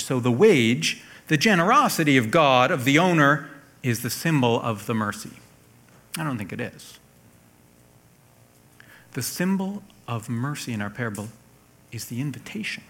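A man with a medium-pitched voice preaches a sermon, working through scripture verse by verse. He raises his voice for emphasis, then lets it fall soft.

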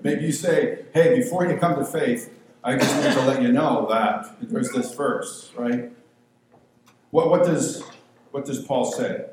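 A man in his fifties preaching a sermon, conversational and self-deprecating, slowing down for emphasis. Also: mid-range voice, darkish tone. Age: 50s. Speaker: pastor. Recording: very echoey room with faint ambient noise.

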